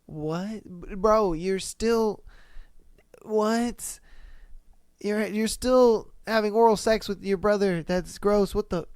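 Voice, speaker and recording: Male podcast host, clear, smooth tone, dry close mic, animated and incredulous. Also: high-pitched, slow, no room sound. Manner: animated, swearing, incredulous commentary. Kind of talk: casual solo podcast reading listener stories.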